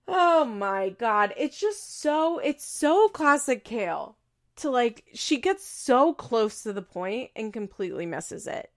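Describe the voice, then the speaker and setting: Woman ranting about a show, gravelly fry in her voice, sarcastic, says like a lot. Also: fairly high pitch, lively intonation, takes it slowly. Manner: opinionated, sarcastic, lots of fillers. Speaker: podcast host recapping a reality show. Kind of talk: casual chat.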